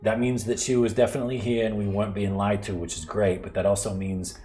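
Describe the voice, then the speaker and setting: A man's voice: lowish voice, level tone, quick pace, warm tone. A man playing a tabletop game, earnest and keeping the group on track. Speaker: player. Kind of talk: tabletop role-play.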